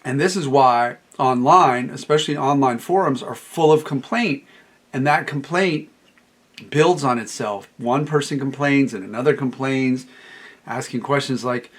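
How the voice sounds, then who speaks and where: A middle-aged man with a mid-range voice coaching listeners on recovery. He talks emphatically and repeats his phrases. When he quotes people his voice lifts higher. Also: a little slow. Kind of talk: solo talk to camera.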